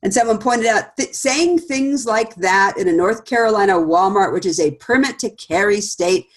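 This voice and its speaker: A woman's voice: medium pitch, moderate pace. A middle-aged woman presenting a talk in a casual, conversational way, laughing often and acting out quoted remarks. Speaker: speaker series presenter.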